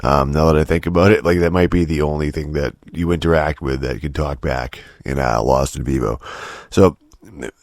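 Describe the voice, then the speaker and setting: A man with an extremely deep voice hosts a solo podcast, rambling through a profane rant full of restarts and filler words. The sound is dry and close, with no room around it. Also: steady tone, normal speed, darkish tone, dry recording. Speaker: podcast host.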